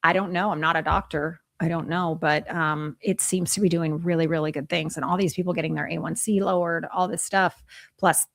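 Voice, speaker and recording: Animated, emphatic woman in her forties. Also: deep voice, brisk, gravelly. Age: 40s. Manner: animated, emphatic, swears freely. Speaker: podcast co-host. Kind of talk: casual chat.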